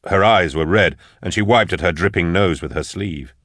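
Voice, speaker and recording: A man reading a dark novel aloud as an audiobook narrator, measured and even. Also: deep voice, dry recording, studio quality. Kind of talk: scripted narration.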